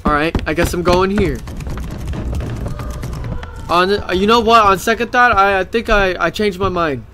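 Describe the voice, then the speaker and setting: A man's voice: high voice, moderate pace, pauses often, sharp tone, a little hiss or hum. A young man commentating a horror game, jumpy and swearing, often panicking. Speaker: gaming YouTuber.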